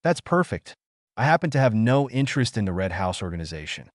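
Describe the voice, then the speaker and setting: A cold, self-assured young soldier, read by a man in a low voice. He speaks calmly and steadily, dry and close, with a lively lift to his lines. Audiobook fiction. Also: brisk, no room sound.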